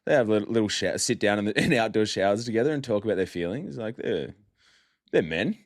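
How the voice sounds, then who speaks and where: A man's voice: fairly low pitch, lively intonation, fast talker. A young man hosting a podcast alone, chatty and mocking, often laughing as he talks. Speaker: podcast host. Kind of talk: casual solo podcast monologue.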